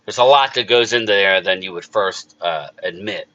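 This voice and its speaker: Low-pitched, bright, and forceful at a moderate pace, this South Jersey sports YouTuber is middle-aged. His lo-fi audio carries a little hiss or hum as he rambles emotionally through a casual live chat, answering viewers.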